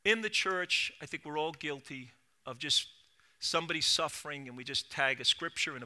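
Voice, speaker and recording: A middle-aged man preaching a sermon as pastor, dropping to a hush and then rising to loud cries, with quick repeated restarts. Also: fairly high pitch. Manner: swings from hushed to loud preaching.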